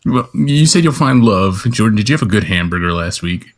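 Man, low voice, lively, teasing co-host, laughs a lot. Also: a little fast. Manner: teasing, laughing, repeats words. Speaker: podcast co-host. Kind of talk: casual comedy podcast banter.

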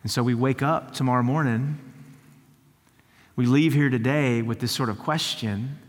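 A man delivers a sermon as a pastor, telling a story in an easy conversational way, stumbling over repeated words and building to fervent emphasis. His voice sits at a middle pitch. It rings out in a hall with a long reverb. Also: moderate pace. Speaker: lead teaching pastor.

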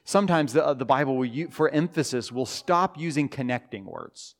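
A man's voice: mid-range voice, lively intonation. Conversational man preaching a sermon. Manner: conversational preaching, slows for emphasis, frequent restarts. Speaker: pastor. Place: church sanctuary.

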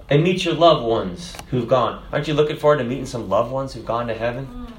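Preacher, male, bright ringing voice, recites lyrics, builds to fervent shouts, echoey room. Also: medium pitch, expressive, a little fast. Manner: rises to shouting fervor, recites lyrics with rhythm. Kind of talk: sermon.

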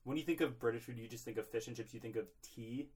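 A man's voice: medium pitch, fast talker, darkish tone, slightly rough. A young man co-hosting a podcast in a small closet, rambling mock-seriously with lots of filler words. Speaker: podcast co-host. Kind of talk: comedic casual chat.

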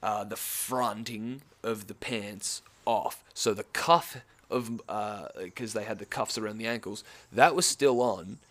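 A man's voice: lowish voice, a bit bright. A young man with an Australian accent telling a casual story, swearing often and laughing now and then. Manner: laid-back, swears often, quick laughing asides.

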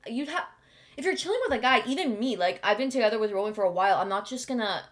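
A young woman co-hosting a podcast, chatting casually and quickly with lots of "like". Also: fairly high pitch, animated. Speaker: podcast co-host. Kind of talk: casual chat.

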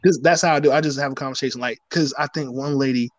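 A man's voice: medium pitch, fairly even intonation, fast, no echo. Male co-host, playful storyteller, casual chat, dry room. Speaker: podcast co-host.

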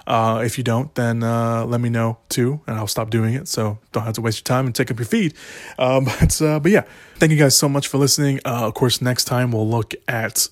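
A man hosting a casual movie podcast, rambling eagerly and restarting his sentences as his thoughts run ahead. The recording is dry and close, with no room sound around his mid-pitched voice. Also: no echo. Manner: rambling, enthusiastic, many restarts. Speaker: podcast host.

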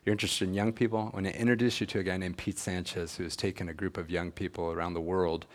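A man's voice: low-pitched, fairly even intonation, fast talker. A middle-aged man giving an earnest personal testimony, acting out the dialogue he recalls. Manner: earnest storytelling, acts out quoted dialogue. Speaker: speaker at a church gathering.

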